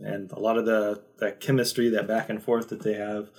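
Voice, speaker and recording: A man's voice: fairly low pitch, level tone, normal speed. A man co-hosting a podcast who mostly gives brief, agreeable replies in a casual review chat. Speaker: podcast co-host.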